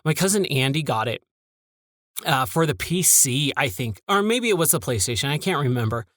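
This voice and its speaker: A man's voice: medium pitch, animated, moderate pace, a bit bright, dry recording, clean studio sound. A man hosting his own podcast, talking casually in a candid, rambling and exasperated way about old video games. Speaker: podcast host. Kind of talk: casual monologue.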